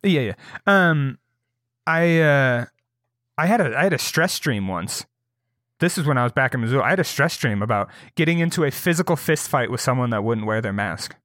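A man's voice: mid-range voice, lively intonation, moderate pace, fairly bright tone, no room sound. A man co-hosting a podcast in casual chat, telling stories in a laid-back way with dry humor. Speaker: podcast co-host.

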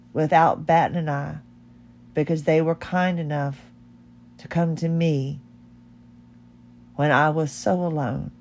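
A woman's voice: sits low, a little mellow, a little hiss or hum. Woman, middle-aged, podcast host, heartfelt, rambling, candid monologue. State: tearful.

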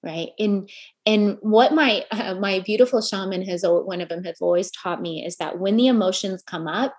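A middle-aged woman addresses a women's gathering with an earnest motivational talk, frequently posing questions to the audience. She speaks at a moderate pace with medium pitch and a darkish tone.

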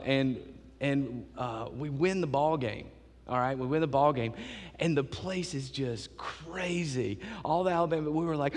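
Animated storytelling preacher man. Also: fairly high pitch, big-room sound, a little hiss or hum. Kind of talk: sermon.

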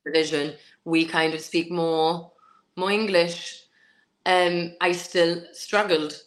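Taking it slowly in a low-leaning voice with a level tone, a Gibraltarian woman in her twenties chats casually as an interview guest. The pageant contestant laughs as she tells her stories.

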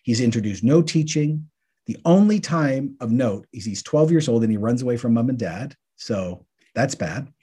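A man co-hosts a podcast, walking through Bible passages in a relaxed, conversational teaching style. His voice is husky and mellow, with a soft, warm tone. He keeps it lively by voicing the questions his listeners might ask. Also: medium pitch, moderate pace. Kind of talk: casual Bible teaching chat.

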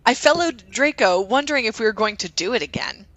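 A woman's voice: a little high, animated, fairly quick, fairly bright tone. A woman reading fan fiction aloud on a comedy podcast, stumbling over its misspellings and laughing.

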